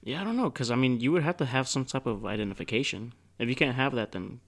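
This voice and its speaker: A man chatting on a casual podcast, answering his friend's wild ideas with short questions and dry quips. His voice sits in a middle pitch with a gravelly edge. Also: expressive, fast. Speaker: podcast co-host. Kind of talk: casual chat.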